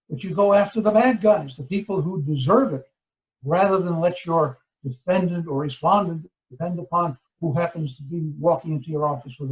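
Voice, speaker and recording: A man's voice: fairly high pitch, darkish tone, low-quality recording. Older male law professor lecturing emphatically. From United States. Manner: emphatic, deliberate lecturing with stressed key words. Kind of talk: formal lecture.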